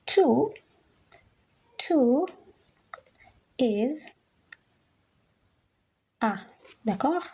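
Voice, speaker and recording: Woman, French teacher, mellow tone, slow patient delivery, repeats words for learners. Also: on the high side, lively intonation, husky. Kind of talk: slow classroom explanation at a board.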